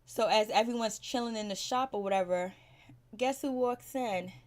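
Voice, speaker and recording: A woman's voice: fairly high pitch, moderate pace. A woman giving a casual, opinionated recap of a TV episode, chatty and slangy, laughing often between her comments. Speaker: reality TV recap vlogger.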